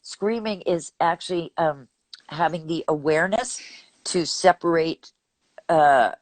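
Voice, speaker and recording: A woman's voice: low-pitched, a little slow, no room sound. An older woman from Texas, a vocal coach, chatting animatedly in an interview and laughing often as she explains technique. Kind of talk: casual interview chat.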